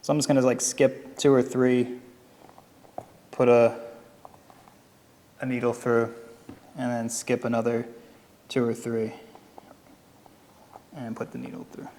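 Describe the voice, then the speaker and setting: A man with a Philadelphia accent giving a relaxed, step-by-step crafting tutorial while he works. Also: mid-range voice, measured pace, pauses often, long reverb tail. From Philadelphia area. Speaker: leathercraft instructor. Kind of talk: casual how-to tutorial.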